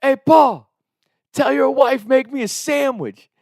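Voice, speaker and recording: Rowdy teenage boys bellow mocking calls, their voices pitched way up and pushed to a shout. The sound is dry and close, with no room around it. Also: male voice, creaky, no room sound, exaggerated voice. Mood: taunting yells. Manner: yelling, taunting, drawn-out.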